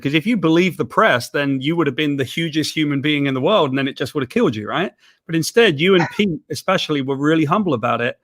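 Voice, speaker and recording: A middle-aged man from Wales, reminiscing in a chatty, animated way in a casual video chat. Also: fairly high pitch. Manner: chatty, animated, laughs while telling. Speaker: comics writer, co-host.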